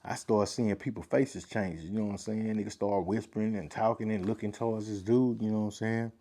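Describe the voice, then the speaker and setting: A man telling a personal story in casual, slangy speech, full of filler phrases and profanity, growing more animated at the tense parts. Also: lowish voice, brisk. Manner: animated, rising louder in tense moments.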